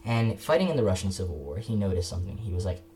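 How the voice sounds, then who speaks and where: A man's voice: deep voice, very animated, quick pace, warm tone. A young man talking casually about history in a video, rambling, restarting sentences and correcting himself. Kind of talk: casual unscripted history talk.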